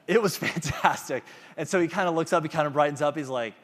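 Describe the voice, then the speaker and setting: A man's voice: fairly high pitch, brisk, fairly bright tone, long reverb tail. A man giving a motivational talk to an audience, engaging them with questions. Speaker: conference speaker.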